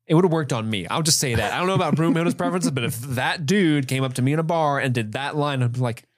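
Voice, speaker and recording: A man's voice: mid-range voice, fast talker, no room sound, studio quality. A man co-hosting a podcast, casually recapping comedy scenes and laughing along. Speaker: podcast co-host. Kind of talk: casual film review chat.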